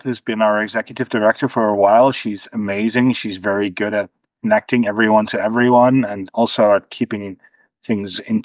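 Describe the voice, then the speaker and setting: A man's voice: fairly low pitch, no room sound. A man speaking as an interview guest, thoughtful, with frequent restarts and a dry sarcastic streak. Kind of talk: conversational interview.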